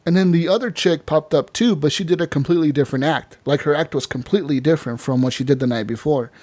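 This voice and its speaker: An animated man telling a story on a casual gaming podcast, full of fillers and profanity. His voice sits on the higher side for a man. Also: quick pace. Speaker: podcast host.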